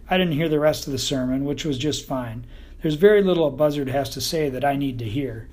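A man's voice: medium pitch, a little fast, darkish tone. A man with a Texan accent narrating a children's storybook in the first person, with a folksy, dry storytelling drawl. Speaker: audiobook narrator.

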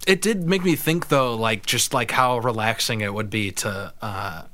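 A man's voice: lowish voice, normal speed, a bit bright, slight background noise. A man co-hosting a casual movie podcast, joking and wry. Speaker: podcast co-host. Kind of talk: casual movie review chat.

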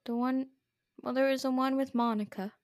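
A woman's voice: high voice, fairly even intonation, normal speed, no echo, clean studio sound. A woman co-hosting a podcast in casual chat, hesitant and trailing off with many fillers. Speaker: podcast co-host.

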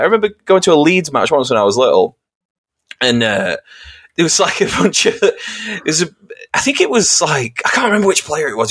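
A man with an English accent, co-hosting a casual podcast chat and telling sweary stories with acted-out shouts. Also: medium pitch. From England. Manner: sweary storytelling, acting out shouted quotes. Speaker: podcast co-host.

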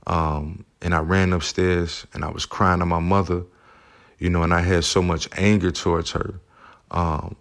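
A man's voice: sits low, flat delivery, moderate pace. A single father telling his own life story in a heartfelt, loose way, with lots of "you know" and "man". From United States. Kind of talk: personal storytelling.

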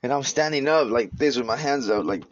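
A man's voice: medium pitch, a little fast, slight background noise. A man casually telling a rowdy story, swearing and laughing as he acts out what people said. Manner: profane, laughing storyteller acting out voices. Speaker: podcast host. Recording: dull lo-fi recording with faint music.

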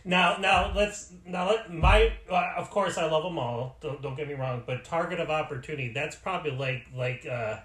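A man's voice: on the high side, normal speed, hardly any pauses, a bit bright, roomy sound. A man hosting a podcast, talking casually and enthusiastically with lots of fillers. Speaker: podcast host. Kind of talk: casual chat.

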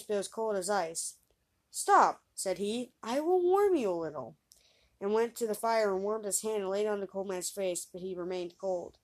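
A woman reading an old fairy tale aloud, lifting her pitch and volume for the characters' lines. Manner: lively reader raising pitch and volume for quoted voices. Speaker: storyteller.

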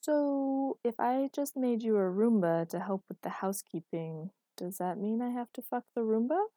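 A woman's voice: fairly high pitch, expressive, moderate pace, dark tone, no echo, clean studio sound, pitched above the performer's own voice. A woman voicing a quirky, cheerful young woman inventor who talks in a bubbly, earnest way. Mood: curious.

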